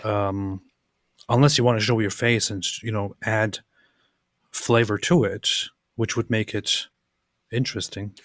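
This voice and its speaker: A man's voice: on the low side, steady tone, unhurried, fairly bright tone, no echo, clean studio sound. A man in casual conversation, speaking hesitantly with many fillers and repeated words. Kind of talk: casual chat.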